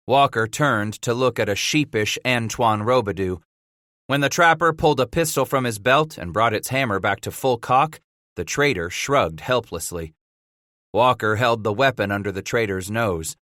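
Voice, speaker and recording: A man narrating an audiobook with steady, measured storytelling. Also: lowish voice, dry recording, studio quality.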